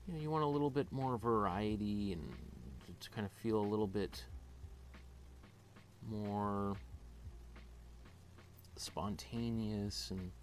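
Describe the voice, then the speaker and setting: A man's voice: on the low side, takes it slowly, long pauses, a little hiss or hum. A man with a Canadian accent teaching a painting class, thinking aloud while he works, with many fillers and restarts. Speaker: art teacher.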